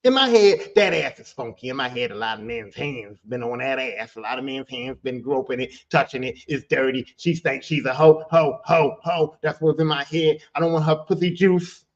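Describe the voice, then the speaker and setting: A man hosting a podcast who tells a story in a casual monologue. He talks with animated energy, swears freely and repeats phrases for emphasis. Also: mid-range voice, moderate pace, few pauses, dull audio. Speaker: podcast host.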